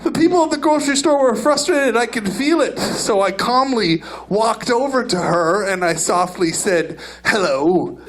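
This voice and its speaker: A man doing stand-up on a comedy club stage, delivering outrageous lines in a brash, deadpan way. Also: sits high, moderate pace, few pauses, slight background noise. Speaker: stand-up comedian and channel host.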